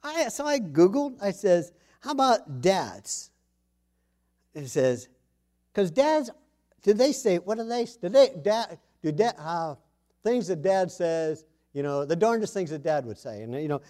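High-voiced chuckling male preacher. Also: very animated, moderate pace. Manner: chuckles often, storytelling, loud punchy emphasis. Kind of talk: humorous sermon.

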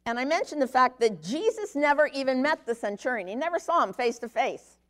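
A woman's voice: sits high, very animated, a little fast, a bit bright. Woman giving a chatty Bible lesson. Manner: conversational teaching, frequent "okay?" check-ins. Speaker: Bible teacher. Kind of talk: sermon.

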